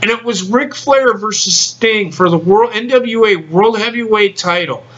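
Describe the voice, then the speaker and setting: A man's voice: high-pitched, a bit bright, muffled recording. A man hosting a casual podcast chat, talking bluntly and swearing freely. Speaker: podcast host.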